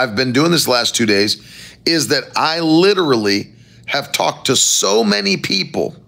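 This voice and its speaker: Gravelly, animated male preacher. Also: medium pitch. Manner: animated preaching with rising emphatic phrases. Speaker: pastor. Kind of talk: sermon.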